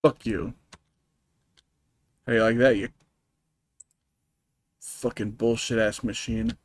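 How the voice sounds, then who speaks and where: A man's voice: mid-range voice, little pitch movement, slow pace, dry recording. A man streaming a video game, ranting profanely and rambling with lots of fillers and restarts. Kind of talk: live-streamed gameplay commentary.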